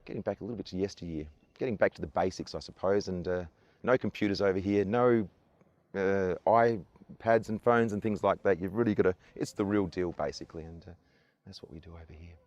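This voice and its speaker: A man's voice: low-pitched, fairly even intonation, brisk, darkish tone, no room sound, lo-fi sound. A man in his forties with a broad Australian accent, talking easily outdoors as a tour guide, full of fillers, restarts and little jokes. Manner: easygoing, chatty, many "uh" fillers and self-restarts, jokey. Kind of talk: outdoor tour chat to camera. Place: outdoors on coastal rocks.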